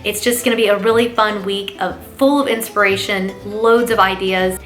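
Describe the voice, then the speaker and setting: Bright-voiced, gushing woman vlog host. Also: mid-range voice, steady tone, normal speed, soft background music. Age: adult parent. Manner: gushing and enthusiastic, lots of "oh my gosh"; warm, talks straight to viewers as "you guys". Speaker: lifestyle channel host. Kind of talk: chatty gift-guide vlog.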